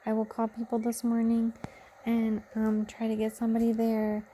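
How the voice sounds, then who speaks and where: A woman's voice: fairly high pitch, monotone, normal speed, dark tone, a little hiss or hum. A young woman chatting tiredly and rambling through a late-night vlog as a mother. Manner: rambling, self-interrupting, chatty. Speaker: vlogger.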